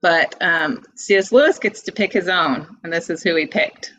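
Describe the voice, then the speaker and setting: A woman's voice: lowish voice, normal speed, a bit bright, poor audio. A woman guest in a casual book discussion who talks enthusiastically, laughs often and uses many fillers. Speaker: guest blogger.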